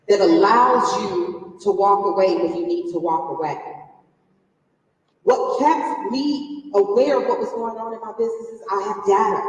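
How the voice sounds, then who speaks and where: A woman in her forties giving a motivational business talk from a conference stage, quizzing the audience and telling a personal story. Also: medium pitch. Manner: conversational, quizzes the crowd, emotional personal story. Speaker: conference speaker. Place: large conference hall stage. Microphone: distant from the recording mic. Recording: echoey hall captured from far off.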